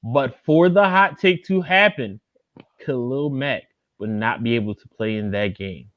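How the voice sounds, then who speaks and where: A man's voice: mid-range voice, unhurried, no echo, lo-fi sound. A man co-hosting a casual sports podcast, starting hesitantly and repeating phrases before bold claims. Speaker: podcast co-host.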